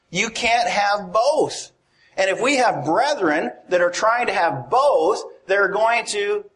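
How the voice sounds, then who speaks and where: A man's voice: mid-range voice, a bit bright. A man preaching a sermon in a conversational way, often asking his congregation questions.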